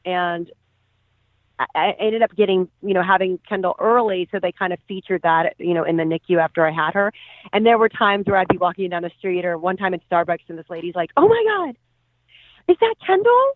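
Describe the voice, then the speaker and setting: A woman guest on a podcast, chatting casually, often laughing and pausing with fillers. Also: lowish voice, fairly even intonation, no room sound. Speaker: guest actress. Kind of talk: casual interview chat. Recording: tinny phone-line sound.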